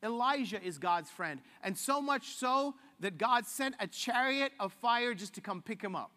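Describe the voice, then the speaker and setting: A man gives a laid-back, joking sermon and slips into little voices for the people he quotes. His voice sits high for a man. A long reverb trails each phrase, as in a big hall. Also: expressive, moderate pace, pushed and bright. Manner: casual and jokey, acting out quoted voices. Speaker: pastor.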